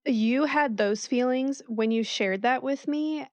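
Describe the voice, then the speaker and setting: A woman's voice: high voice, slow, darkish tone, no room sound. Reflective woman podcast co-host. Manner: reflective, thinking aloud. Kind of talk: casual book discussion.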